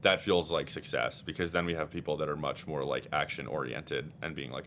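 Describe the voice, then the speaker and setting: A man speaking as the guest on a podcast interview, talking in an energetic, rambling way with many fillers and restarts. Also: very deep voice, a little fast, a little hiss or hum. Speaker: guest, executive director. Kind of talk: casual interview chat.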